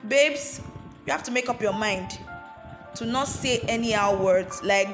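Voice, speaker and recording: A woman's voice: a little high, expressive, brisk, a bit bright, faint music behind. A woman preaching a sermon with fervour, often calling out hallelujah and amen and repeating phrases for emphasis. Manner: addresses listeners directly and repeats phrases for emphasis. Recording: roomy, echoey sound.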